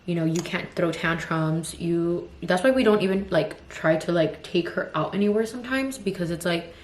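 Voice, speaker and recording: This woman's voice is on the low side and her speed is normal, with slight background noise. A vlogger in her twenties and mom to two toddlers, she rambles and vents candidly while getting ready, leaning on "like" and "you know," recorded in an echoey room with faint ambience.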